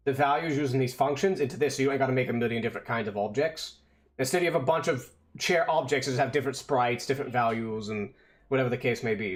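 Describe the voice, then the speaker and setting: A man on a casual stream, muttering and swearing at his code as he debugs, then explaining it step by step. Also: mid-range voice. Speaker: vtuber streamer. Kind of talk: casual coding stream talk.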